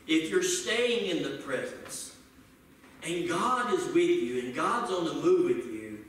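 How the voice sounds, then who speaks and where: A male pastor preaching a folksy sermon, swinging between loud shouted lines and low asides. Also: animated, takes it slowly, slight background noise. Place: church sanctuary. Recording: echoey church hall, distant mic.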